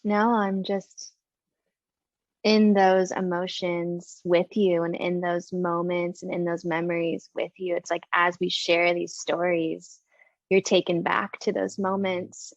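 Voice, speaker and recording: A young woman guest with a low, gravelly voice that stays quite flat, speaking softly and earnestly with gentle pauses. The sound is a bit dull and lo-fi, and dry with no echo. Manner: soft, earnest and measured, lingers on its words with gentle pauses. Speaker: podcast guest. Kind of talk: reflective conversation.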